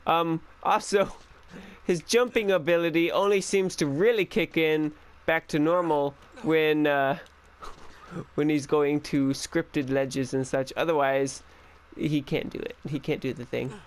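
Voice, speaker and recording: A man's voice: on the high side, fairly even intonation, unhurried. A young man giving casual, joking let's-play commentary and chatting to the game character. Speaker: gaming YouTuber.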